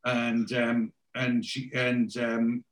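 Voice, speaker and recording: A man in a casual podcast chat, recapping a TV episode. He rambles, leaning on ums and quoted lines. His voice sits at an ordinary middle pitch. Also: completely flat delivery, very slow. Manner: rambling storyteller, many fillers and quotes.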